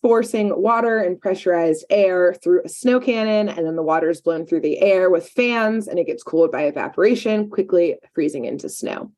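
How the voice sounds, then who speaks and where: A woman's voice: lowish voice, moderate pace, few pauses, darkish tone. Chatty woman co-host recapping a cartoon. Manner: chatty, frequent "like" and "um" fillers. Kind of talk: casual chat.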